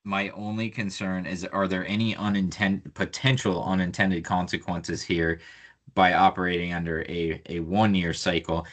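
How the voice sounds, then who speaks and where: A man on a board, speaking in a careful, measured way as he raises concerns in a meeting. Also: low-pitched, little pitch movement, fairly bright tone. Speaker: board member.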